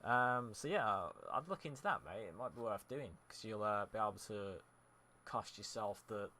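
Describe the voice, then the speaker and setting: A man's voice: on the low side, animated, normal speed, sharp tone, slight background noise. A young man streaming a football game, chatting casually with viewers and reacting to the match. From United Kingdom. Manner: chatty, answers chat messages while narrating gameplay. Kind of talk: casual live-stream commentary.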